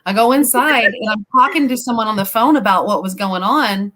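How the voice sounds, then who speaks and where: A middle-aged woman speaks as a guest on a chat show. She tells personal stories in a loose, rambling, animated way, at an ordinary mid pitch. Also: fairly quick. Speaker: paranormal investigator guest. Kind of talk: casual chat, personal storytelling.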